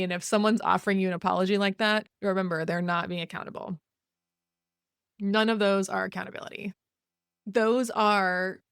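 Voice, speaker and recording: A woman's voice: medium pitch, creaky, dry recording, clean studio sound. A woman hosting a podcast, talking frankly in a casual advice monologue, often laughing and acting out example apologies in quotes. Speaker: podcast host.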